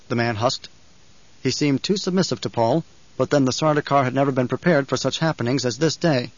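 Steady male narrator for a novel; dry, muffled read. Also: mid-range voice, brisk, no room sound. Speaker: audiobook narrator. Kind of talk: scripted narration.

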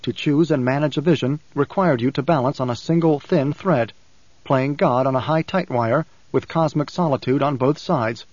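A man narrating an audiobook in a measured, even reading. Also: medium pitch, no echo, lo-fi sound. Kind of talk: scripted narration.

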